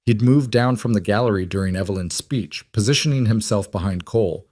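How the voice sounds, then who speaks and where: A man narrating a western story in a measured, dramatic way. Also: fairly low pitch, a little mellow, dry recording, studio quality. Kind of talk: scripted narration.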